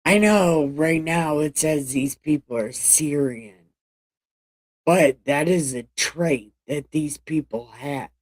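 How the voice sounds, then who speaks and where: Brief: a woman reading scripture at a slow pace with irreverent, swearing commentary. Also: sits low. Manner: irreverent, profane asides. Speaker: Bible reading vlogger. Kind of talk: casual Bible reading with commentary.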